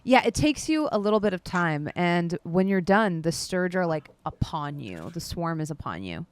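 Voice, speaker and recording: A woman runs a tabletop fantasy game as game master, talking in a loose, chatty way. Her voice sits a little low, and the close mic keeps the sound dry with no room around it. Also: moderate pace, smooth, no echo. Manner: relaxed, chatty, with frequent "like" and "um".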